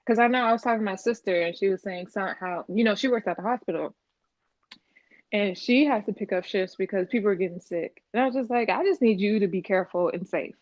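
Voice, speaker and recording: A woman's voice: medium pitch, fast talker, no echo. Blunt, exasperated woman podcast host. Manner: blunt and exasperated, swears freely. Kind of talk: casual chat. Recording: slightly dull lo-fi sound.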